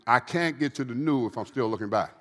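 A man in his fifties giving a preaching testimony to a live audience, telling his story quietly and then urging the crowd on with fervor. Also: fast. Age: 50s. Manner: low, quiet storytelling that swells into fervent exhortation. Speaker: guest speaker giving a testimony. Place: large hall with an audience. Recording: long hall reverb.

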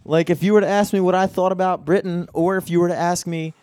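A young American man chatting casually and swearing a lot, telling animated stories with frequent laughter. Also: high-pitched, fast, dry recording. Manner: laughing, profane, animated storyteller. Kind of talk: casual chat.

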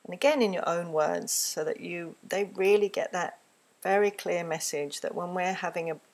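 A woman giving a gentle, earnest solo talk on parenting, recorded close to the microphone and slipping into a soft, soothing tone when she models what to say to a child. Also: lowish voice, normal speed. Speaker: parenting teacher. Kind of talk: reflective spoken talk.

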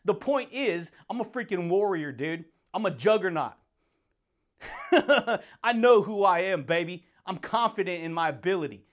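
A young man hosting a motivational podcast, talking in an energetic, slangy way and laughing often. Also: high voice, unhurried. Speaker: podcast host.

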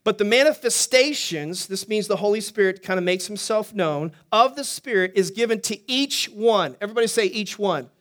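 A man preaching as a pastor, teaching quickly and energetically and throwing questions to the congregation. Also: sits high. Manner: energetic, talks fast, asks the congregation questions. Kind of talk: sermon teaching.

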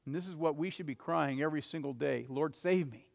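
Male pastor, earnest sermon delivery with urgent swells, slightly higher voice, long hall reverb. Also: brisk, vocal fry. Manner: earnest preaching, rising to urgent cries and dropping to soft, low passages.

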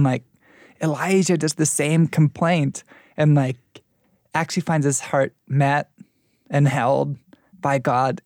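Higher-voiced man retelling scripture animatedly. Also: darkish tone, no room sound, studio quality. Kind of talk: casual faith discussion.

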